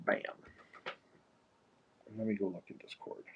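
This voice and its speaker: A man's voice: measured pace, slight background noise. A man chatting casually and rambling while he paints on a live stream, laughing now and then. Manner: rambling, easygoing, laughs often. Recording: muffled lo-fi stream mic.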